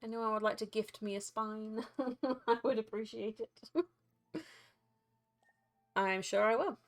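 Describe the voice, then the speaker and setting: A woman's voice: fairly high pitch, takes it slowly. A woman streaming live, chatting casually with viewers in a rambling, giggly way with frequent restarts.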